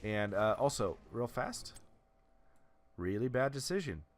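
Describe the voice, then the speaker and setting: A man's voice: mid-range voice, sing-song, measured pace, slight background noise. A man giving casual, analytical commentary over video game footage, often restarting and filling with "uh.". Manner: analytical, lots of restarts and fillers. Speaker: gameplay commentator.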